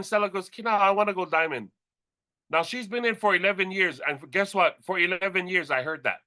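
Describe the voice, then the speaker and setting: A man speaking as a company leader in an energetic motivational stage speech, animated and playful. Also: high voice. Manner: animated, playful, breaks into sound effects and laughter. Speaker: company leader presenting new executives.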